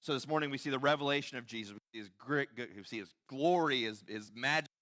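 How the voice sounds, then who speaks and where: A man preaching a sermon in a church, talking conversationally, acting out quoted voices and often dropping to quiet emphasis. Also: mid-range voice, quick pace. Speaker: pastor. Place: church sanctuary.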